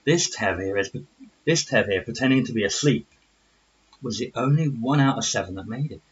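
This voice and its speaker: A man voicing a tired, gruff middle-aged army sergeant whose speech drags with exhaustion. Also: medium pitch, animated, moderate pace, muffled recording. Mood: bitter.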